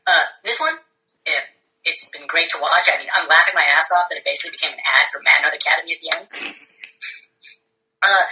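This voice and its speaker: A man's voice: fairly high pitch, sharp tone, low-quality recording. A man calling in to give a casual, hesitant opinion on an online debate. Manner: hesitant, filler-heavy. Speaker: caller.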